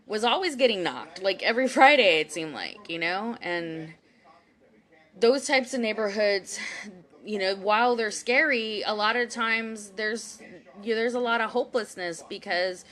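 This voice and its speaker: A woman's voice: medium pitch, lively intonation, unhurried, fairly bright tone. A young woman from Houston giving a casual live-stream monologue, heated and profane, rambling with many fillers and restarts. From Houston, Texas. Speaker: psychic reader and commentator. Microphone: webcam or phone microphone.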